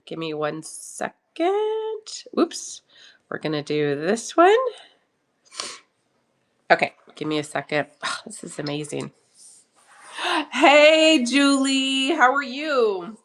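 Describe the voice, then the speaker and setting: Woman, live auction seller, casual chat, lively swinging pitch, unhurried pace, home kitchen, getting over a cough. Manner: chatty, bubbly, greets viewers by name. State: recovering from a cough.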